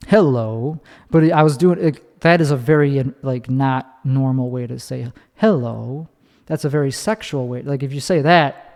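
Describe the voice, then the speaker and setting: A man's voice: medium pitch, measured pace, a little mellow, big-room sound. A man talking casually in a rambling monologue, swearing and often restarting his sentences. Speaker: podcast host.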